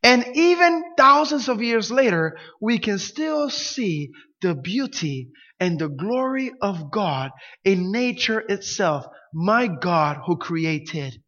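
A pastor preaches with a high, bright voice, acting out the lines he quotes. His sermon rings through a reverberant hall. The recording sounds dull and muffled. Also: slow pace. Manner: animated preaching, acts out quotes, grows louder and emphatic.

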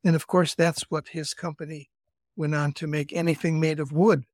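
A man's voice: on the high side, little pitch movement, a little mellow, no room sound, clean studio sound. Older man telling family stories. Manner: storytelling, chatty, quick asides. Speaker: podcast co-host. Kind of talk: casual family-history chat.

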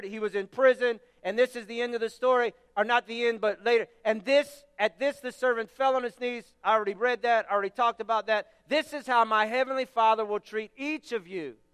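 High-voiced man preaching in a reverberant hall. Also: a bit bright, clean tone. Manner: emphatic preaching with repeated phrases. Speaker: pastor. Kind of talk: sermon.

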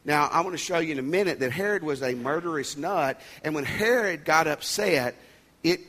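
A pastor preaches in a somewhat high-pitched male voice, talking to the congregation in a plain, conversational way. He leans hard on his key points and drops folksy asides and jokes between them. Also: moderate pace, sharp tone. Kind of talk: sermon.

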